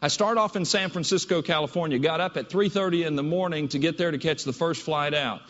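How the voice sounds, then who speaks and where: A man giving a keynote talk, telling a story in an animated, conversational way. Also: a little high, brisk. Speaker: keynote speaker. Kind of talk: storytelling presentation. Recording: dull audio in a reverberant hall.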